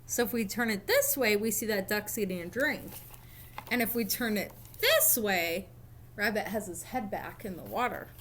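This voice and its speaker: A woman teacher reading a picture book aloud to young children in a recorded lesson, playful and animated. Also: medium pitch, normal speed, slight background noise.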